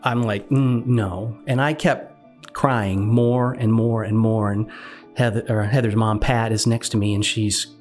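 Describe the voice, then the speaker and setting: A man's voice: fairly low pitch, unhurried, faint music behind. A man earnestly recounting a personal faith story, acting out the dialogue as he goes. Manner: earnest, animated retelling with quoted dialogue. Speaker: guest sharing testimony.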